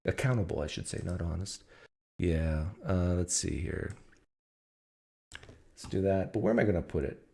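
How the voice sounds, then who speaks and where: Slightly low-voiced man hosting a stream. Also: moderate pace, creaky, pauses often, a little mellow. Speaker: host. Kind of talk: live-stream reaction commentary.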